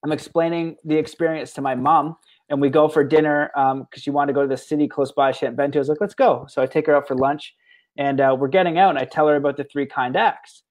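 A man telling a long story on his podcast in a loose, rambling way, doubling back on his words and breaking into laughs. His voice sits a little on the high side for a man. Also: fast talker. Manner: rambling, with frequent restarts and fillers; animated, with bursts of laughter. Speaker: podcast host. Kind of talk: casual storytelling in a conversation.

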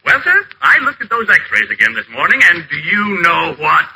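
A chuckling, fussy small-town doctor in a 1940s radio play. His voice sits high and bright and bounces around in pitch as he gushes eagerly. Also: huge pitch swings, normal speed, gravelly, a little hiss or hum, exaggerated voice, poor audio. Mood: effusive.

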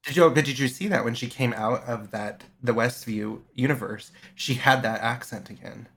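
Gravelly-voiced man in enthusiastic chat. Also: medium pitch, normal speed, a bit bright. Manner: enthusiastic, chatty. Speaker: podcast co-host. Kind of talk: casual chat.

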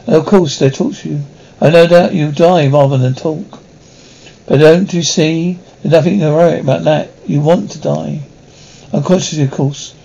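Condescending army shrink, gravelly and mellow, persuasive, dull 1960s TV sound. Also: male voice, on the high side. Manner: persuasive, coaxing. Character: smooth, condescending male army psychologist. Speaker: army psychologist. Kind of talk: 1960s television drama acting.

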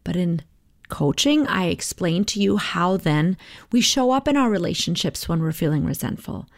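A middle-aged woman talks through her coaching ideas in a relaxed podcast monologue. Her manner is conversational and reflective, and she checks in with listeners as she goes. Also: fairly low pitch, normal speed, no echo, studio quality. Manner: conversational, reflective, tags with "right?".

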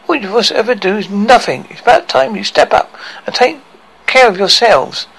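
Guy doing a high shrill fed-up young woman, yelling, all over the place, bit gravelly. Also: big pitch swings, moderate pace, exaggerated voice, rough recording. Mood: furious. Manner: shrill yelling, exasperated complaining.

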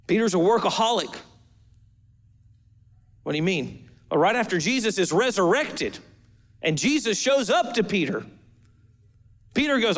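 Guy pastor with a high voice, preaching casual and funny, talks right to the crowd. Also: lively intonation, measured pace, pauses often, a bit bright. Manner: humorous, conversational preaching with asides to the congregation. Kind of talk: sermon.

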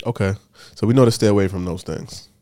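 A man's voice: fairly low pitch, fast talker. Informal, encouraging male host. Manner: informal, encouraging, lively interjections. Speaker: podcast host. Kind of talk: casual interview chat.

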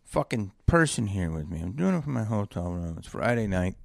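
Very animated and fairly quick, with vocal fry in a fairly low voice, a man hosts his solo podcast from a hotel room with no echo. He wanders through a profane story, sighing a lot and drifting off on tangents.

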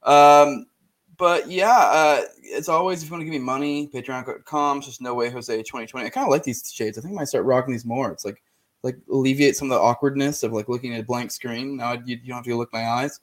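A man's voice: mid-range voice, fairly even intonation, brisk. A man hosting his own podcast, talking loosely and crudely in casual chat. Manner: loose and profane, lots of fillers and restarts. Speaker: podcast host.

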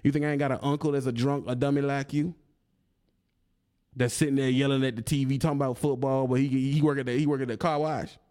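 A YouTuber rants heatedly at a rival on his video channel, taunting and confrontational, with mocking laughs. He talks fast in a medium-pitched, level voice with a darkish tone.

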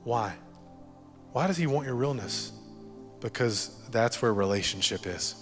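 A man preaching a sermon as pastor, animated and jokey, repeating key phrases for emphasis. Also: medium pitch, measured pace, long reverb tail, soft background music.

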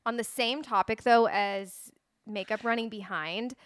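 Woman co-host, smooth clear voice, dry close mic, reassuring. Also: a little high, steady tone, dry recording. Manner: reassuring, quick affirmations. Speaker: podcast co-host, wedding planner. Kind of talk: casual chat.

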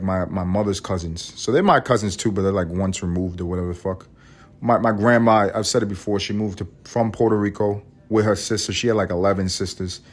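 A man from Harlem, hosting a podcast in a rambling, profane, joking monologue with frequent restarts. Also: lowish voice. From Harlem, New York. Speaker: podcast host. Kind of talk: casual solo podcast monologue.

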